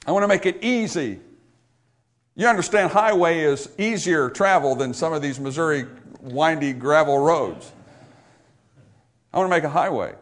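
A man preaching a sermon to a church congregation, swinging between loud, raised exhortation and quiet, low asides, and often asking the people questions. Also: normal speed, long pauses. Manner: talks to the congregation with questions and calls. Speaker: pastor.

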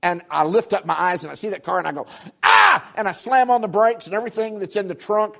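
A man delivering a sermon in a slightly high voice, swinging between loud acted-out exclamations and soft asides. He tells homely stories, stumbling over repeated words as he goes. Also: fast, vocal fry. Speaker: preacher. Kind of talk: sermon storytelling.

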